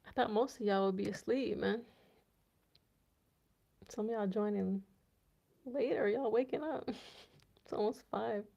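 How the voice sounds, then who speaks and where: A woman's voice: mid-range voice, unhurried, vocal fry, long pauses, warm tone. A woman hosting a casual livestream, playfully chatting with viewers and reading their comments aloud. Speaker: livestream host. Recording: dull lo-fi stream audio.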